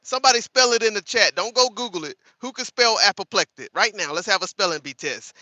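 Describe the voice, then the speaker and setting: A man in his thirties hosting a casual live-stream commentary, animated and laughing as he talks to his chat. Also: high voice, fast, dry recording. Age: 30s. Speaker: host.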